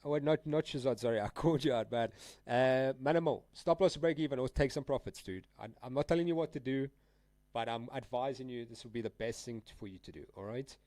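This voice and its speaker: A man hosting a live trading stream in a loose, slang-heavy way, speaking straight to his viewers. His voice is mid-range in pitch. The sound is dry, with little room around it. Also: fast talker, mellow, dry recording. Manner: casual, slangy, addresses viewers as guys and dude.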